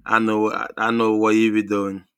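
A man chatting casually in a calm, matter-of-fact way. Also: on the low side, normal speed, clear, resonant tone, no echo. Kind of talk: casual chat.

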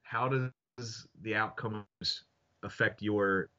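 This sports podcast co-host is opinionated but hedges, filling his talk with fillers. His lowish voice stays steady and sharp at a slow pace, and the audio lacks its high end.

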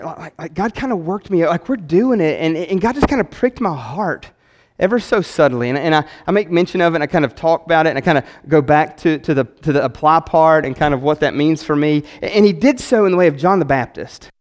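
A man's voice: fairly high pitch, expressive, brisk, darkish tone. A man preaching a sermon as pastor, enthusiastic and chatty, rambling with frequent restarts. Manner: enthusiastic, conversational.

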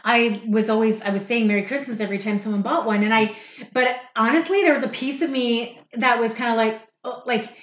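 A woman's voice: fairly high pitch, fairly quick. Hesitant Canadian woman, echoey room. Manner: hesitant, circling restarts. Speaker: podcast co-host. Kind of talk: casual podcast chat.

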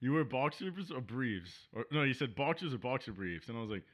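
A man's voice: mid-range voice, big pitch swings, a little fast. A young man co-hosting a podcast, teasing his friend with profane jokes and mimicking him. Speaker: podcast co-host. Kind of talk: crude casual banter.

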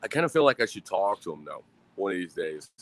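Man, mid-thirties, low voice, rambling casual vlog talk over beer, swears freely, sighs between thoughts. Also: sing-song, quick pace. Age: 30s. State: drinking beer.

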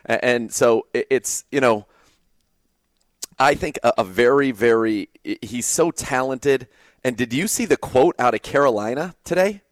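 A man co-hosting a sports talk show with a voice of ordinary pitch for a man. He talks in a steady, conversational way and chimes in with short agreements. The recording is close and dry, with no room echo. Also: measured pace. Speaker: sports radio co-host.

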